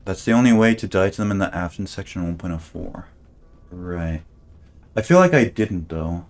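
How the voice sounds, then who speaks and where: His voice sits low with a darkish tone and lively intonation as he streams a game at a moderate pace. He thinks aloud in casual commentary, frequently trailing off and restarting.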